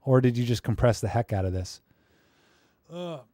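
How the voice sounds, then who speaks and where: A man's voice: mid-range voice, animated, moderate pace, dark tone, no room sound. A young man talks loosely through viewers' photos on a live stream, joking and going off on rants. His voice sits mid-range and sounds close and dry, with no room around it. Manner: chatty, joking, ranting asides. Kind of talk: casual live-stream chat.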